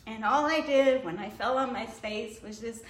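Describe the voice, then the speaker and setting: A woman's voice: fairly high pitch, normal speed. Woman sharing an emotional testimony, echoey. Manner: emotional storytelling, laughs often, acts out her own past thoughts. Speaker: guest. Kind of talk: personal testimony in casual conversation. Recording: echoey room, faint noise.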